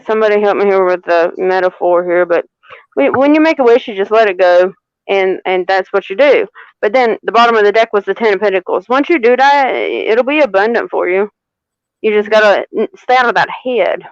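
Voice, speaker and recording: Woman, tarot reader, unhurried, repeats herself for emphasis, dry close sound. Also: mid-range voice, expressive, clean tone, no echo, muffled recording. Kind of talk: live tarot reading.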